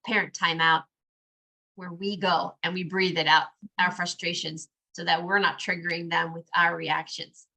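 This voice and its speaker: A mother talking in a casual podcast conversation, lively, acting out bits of quoted dialogue as she goes. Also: lowish voice.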